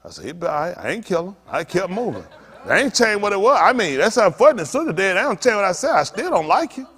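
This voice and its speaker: This is a lively, story-driven sermon from a middle-aged male preacher who speaks fast. His somewhat high voice darts up and down between quiet mutters and sudden loud bursts. He performs the voices of the characters he quotes and repeats phrases.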